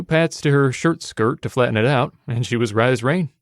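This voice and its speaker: A man's voice: medium pitch, fairly quick, hardly any pauses, no room sound, studio quality. A man narrating an audiobook in a wry, casual first-person manner.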